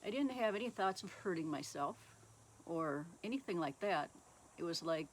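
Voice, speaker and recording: A woman author giving an earnest, measured Christian testimony and reading passages aloud from her own book. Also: on the low side, expressive, a little hiss or hum.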